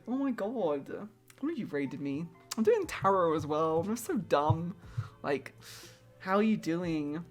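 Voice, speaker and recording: A woman's voice: fairly low pitch, sing-song, unhurried, faint music behind. A woman streaming a live tarot reading, talking casually and affectionately to her viewers in a loose, rambling way, full of fillers and restarts. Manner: rambling, heavy use of "like" and restarts; warm and affectionate toward viewers.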